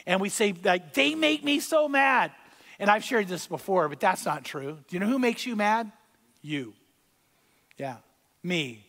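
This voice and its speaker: A man preaching a sermon as pastor, speaking conversationally, repeating key phrases and swelling louder on his points. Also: sits high, lively intonation, measured pace, long pauses, in a large hall. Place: church sanctuary.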